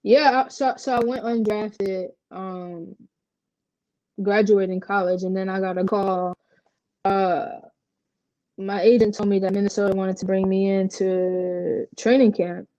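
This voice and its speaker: A woman's voice: medium pitch, a little slow, no echo, rough recording. A young woman from Puerto Rico, a professional basketball player, telling candid stories in a casual interview, full of fillers. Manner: candid, animated storytelling with many fillers.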